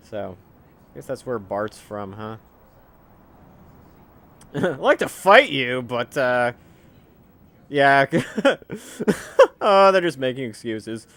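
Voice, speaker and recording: A man giving casual, jokey commentary over a video game he is playing, talking freely and breaking into loud excited outbursts. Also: mid-range voice. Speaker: let's play commentator.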